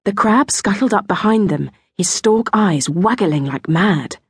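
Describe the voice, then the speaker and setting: A woman narrating a children's audiobook in a gentle storytelling manner. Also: medium pitch, unhurried, husky, no echo, studio quality. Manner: gentle storytelling, lively intonation. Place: recording studio. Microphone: close studio mic.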